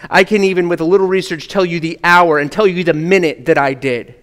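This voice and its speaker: A man preaching a sermon in an earnest manner, often dropping to a hush on key words. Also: high voice, steady tone, brisk. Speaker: pastor. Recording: long hall reverb.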